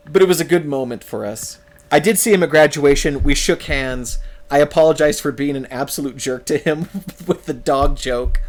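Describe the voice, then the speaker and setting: A man from California, streaming a game and telling rambling, self-mocking stories, laughing often as he talks. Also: a little high. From California, United States. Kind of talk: casual storytelling chat on a live stream.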